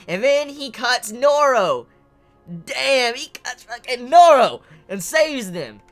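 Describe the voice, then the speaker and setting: Casual comic reviewer, mid-pitched voice, excitable and profane, acts out quotes, faint music bed. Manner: excitable, swears freely, acts out quoted lines. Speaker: manga reviewer. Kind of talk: casual video commentary.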